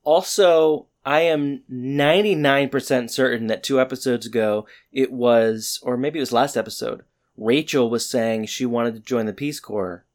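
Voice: medium pitch, steady tone, moderate pace, hardly any pauses. A co-host in a casual podcast chat, loosely recapping a sitcom episode and moving things along. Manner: loose, chatty, moves the recap along with "so anyway".

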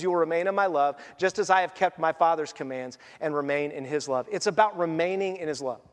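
High-voiced preaching man in echoing hall. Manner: earnest, conversational preaching with quoted asides. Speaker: pastor. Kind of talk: sermon.

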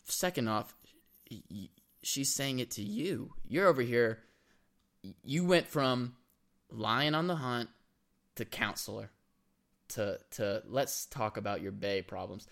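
A man's voice: medium pitch, animated, a little slow, vocal fry, long pauses, fairly bright tone. A young man co-hosting a casual comedic chat, joking and acting out text messages in quoted voices. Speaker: co-host. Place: indoor room with laptop.

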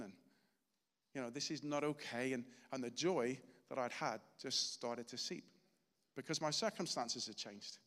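A man's voice: mid-range voice, fairly bright tone, long reverb tail. A middle-aged man giving a sermon, telling a personal story in an earnest, chatty way. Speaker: preacher.

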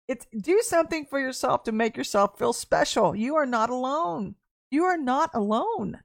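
A middle-aged woman streaming her prophetic teaching to her viewers. She speaks bluntly and with animation, often doubling her phrases for emphasis, in a voice that sits somewhat high. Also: lively intonation, normal speed, creaky. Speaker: prophetic podcast host.

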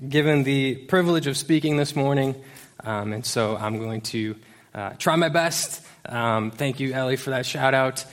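A man's voice: mid-range voice, moderate pace. A man preaching as youth pastor to a church congregation, talking in a casual, joking way with lots of fillers and restarts. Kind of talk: conversational sermon. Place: church service before a congregation.

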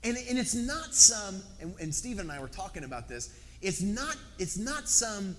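Southern pastor, emphatic sermon delivery, reverberant church hall with faint room noise. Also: male voice, high voice, normal speed. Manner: emphatic, animated, repeats words for stress.

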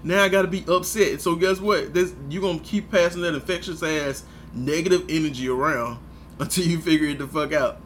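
A man's voice: a little high, brisk, a bit bright, a little hiss or hum. A young man co-hosting a casual chat, laughing often, swearing freely and giving blunt advice. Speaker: podcast co-host.

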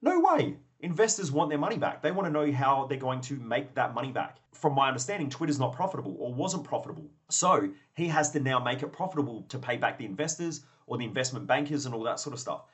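A man's voice: medium pitch, expressive, quick pace, hardly any pauses. A man hosting a motivational podcast, blunt and profane, acting out both sides of imagined conversations. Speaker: podcast host.

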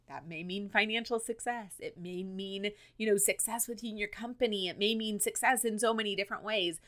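A woman and mother hosting a podcast, earnestly encouraging listeners and quoting scripture as she speaks straight to them. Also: mid-range voice. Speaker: podcast host. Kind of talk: faith-based encouragement monologue.

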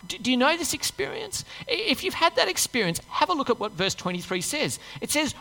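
Her high, sing-song voice is brisk and gravelly with a sharp tone, and she barely pauses. This woman preacher reads scripture during her church sermon and addresses the congregation casually with rhetorical questions, all captured with a long church-hall reverb.

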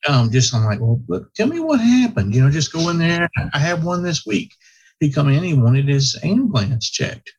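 Husky-voiced folksy man. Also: medium pitch. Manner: folksy, rambling, with many restarts. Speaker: veterinary practice owner, podcast guest. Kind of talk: casual storytelling chat. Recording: slightly muffled lo-fi audio.

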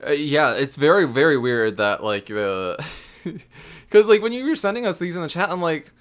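Lively, slightly high-voiced man. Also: moderate pace, clean tone. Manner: laughing, loose, filler-heavy speech. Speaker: podcast co-host. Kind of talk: casual chat.

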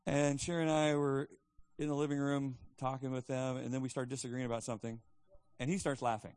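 A man's voice: medium pitch, little pitch movement, a little fast, a little mellow, dry recording. A male pastor giving a sermon in a conversational storytelling style, often restarting his sentences.

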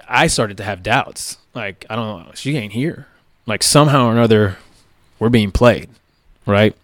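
Man, police officer, casual recollection, fillers, somewhat low voice, dry close sound. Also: no echo. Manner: plain-spoken, many fillers like "like" and "right?", occasional swearing.

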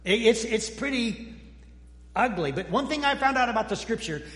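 High-voiced pastor preaching in an echoing hall. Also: male voice, animated, normal speed. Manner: folksy and joking, with frequent restarts and sudden quiet drops. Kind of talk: conversational sermon. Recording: echoey hall with long reverb.

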